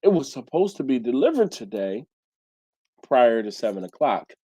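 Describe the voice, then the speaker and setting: A man's voice: mid-range voice, sing-song, moderate pace, noisy background. A congested man hosting a livestream, casually reading viewer comments aloud and answering them. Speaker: livestream host reading chat. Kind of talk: casual live chat. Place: home.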